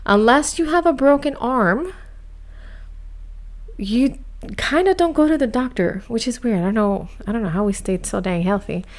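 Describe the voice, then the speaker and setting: Chatty woman podcast host, higher voice. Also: moderate pace. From United States, grew up in Miami. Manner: chatty, animated, self-mocking. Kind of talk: casual storytelling monologue.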